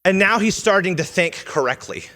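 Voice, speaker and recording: His voice sits high, expressive and pushed bright, moving at a moderate pace as he preaches in a church sanctuary. The sermon is earnest and instructive, full of questions to the congregation and quotes read in character, with a church hall's long reverb.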